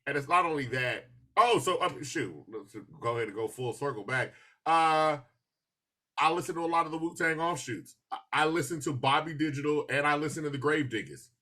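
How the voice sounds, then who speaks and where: A man hosting a podcast in casual chat, telling stories with lots of laughter and animated asides. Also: a little high, fairly quick. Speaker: podcast host.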